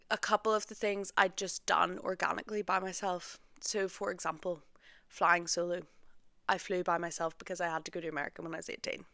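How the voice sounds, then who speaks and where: A woman's voice: on the low side, vocal fry, pushed and bright, dry recording, clean studio sound. A young woman, hosting a podcast in a chatty, self-deprecating way and saying "like" often. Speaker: podcast host. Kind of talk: casual solo podcast chat.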